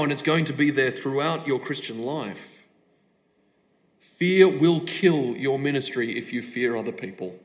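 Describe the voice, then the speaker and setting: A man preaching a sermon, asking a string of rhetorical questions with emphatic stress. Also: medium pitch.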